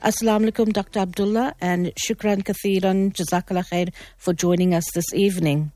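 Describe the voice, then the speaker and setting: A woman's voice: mid-range voice, steady tone, a little fast, dark tone, dry recording. A South African woman hosting a radio talk show, friendly and chatty, presenting from the studio microphone. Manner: friendly, chatty, greets in several languages.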